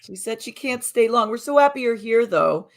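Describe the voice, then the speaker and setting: A woman's voice: fairly high pitch, lively intonation, moderate pace. A woman co-hosting a casual morning chat show, talking in a chatty, rambling, upbeat way. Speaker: co-host. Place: Southern Connecticut.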